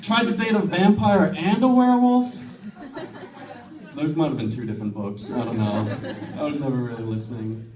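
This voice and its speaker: A man performing a stand-up comedy set with a deadpan, self-deprecating delivery, in a comedy club with a laughing audience. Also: medium pitch, normal speed, pauses often, recorded from a distance, dull audio, a crowd in the background. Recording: roomy club, mic heard from afar, audience laughing.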